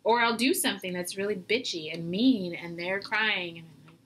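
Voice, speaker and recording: A woman and mother talking as a guest in a casual interview, animated and quick to act out what people say. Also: mid-range voice, rough recording. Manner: animated, acts out quoted voices. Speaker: podcast guest.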